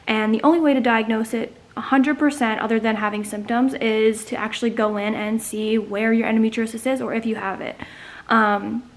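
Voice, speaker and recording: A young woman in her twenties telling a personal story to camera in a casual, chatty vlog, with many fillers. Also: fairly high pitch. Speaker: vlogger.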